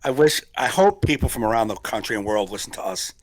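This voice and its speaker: A man's voice: medium pitch, lively intonation, fast, no room sound. A man with a New Jersey accent, co-hosting a podcast as a comedian in casual chat, laughing often and riffing playfully.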